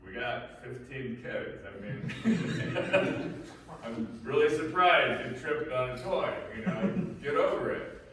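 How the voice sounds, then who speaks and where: A man's voice: mid-range voice, expressive, slow pace, crowd noise, pitched above the performer's own voice. A man voicing a fed-up, dismissive wife in a raised, mocking tone. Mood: exasperated. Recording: echoey room from far off.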